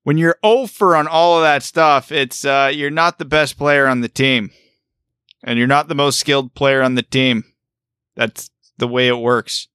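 A man's voice: medium pitch, fairly even intonation, measured pace, bright, forceful tone, clear, resonant tone, no room sound, studio quality. A man co-hosting a casual sports podcast, reasoning through his points with rhetorical questions. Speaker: podcast co-host.

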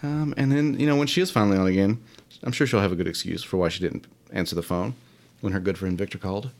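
Male host, lower register, loose self-deprecating solo chat full of fillers. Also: quick pace, darkish tone. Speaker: podcast host. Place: home studio, alone.

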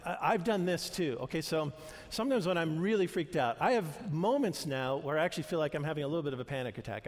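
Older male pastor, earnest and chatty in the pulpit, higher-pitched, recorded with a long reverb in a church hall. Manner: conversational, earnest, with restarts and asides. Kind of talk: sermon.

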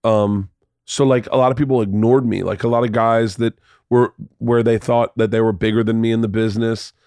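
A man's voice: fairly low pitch, steady tone, brisk, darkish tone, no echo, clean studio sound. A man hosting a podcast, telling stories in casual chat, swearing freely and acting out the voices of people in his stories. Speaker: podcast host.

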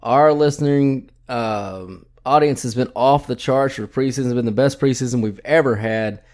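A man's voice: medium pitch, normal speed, darkish tone. A man hosting a podcast in a casual, blunt style with plenty of swearing. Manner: profane, blunt, ranting. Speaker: podcast host.

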